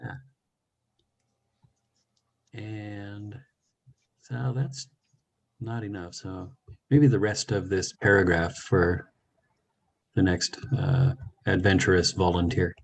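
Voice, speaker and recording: Brief: very low-voiced man, unhurried teacher explaining word by word, dull lo-fi call audio. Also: fairly even intonation, vocal fry, slightly rough. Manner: thoughtful, teacherly, pauses with many uhs. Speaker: session leader. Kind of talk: language lesson, reading and explaining a story.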